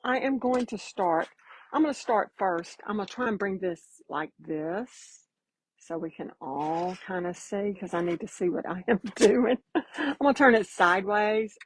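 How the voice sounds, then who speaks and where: A woman's voice: mid-range voice, a little slow, a little hiss or hum, rough recording. A woman giving a casual live painting demo, chatty and folksy, greeting viewers by name as she works. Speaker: painting instructor.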